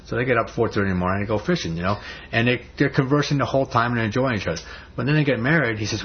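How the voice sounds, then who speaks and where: A man's voice: mid-range voice, fast. A man giving a folksy, conversational sermon to a live audience, often repeating himself for emphasis. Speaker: speaker on marriage. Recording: dull muffled recording, faint hiss.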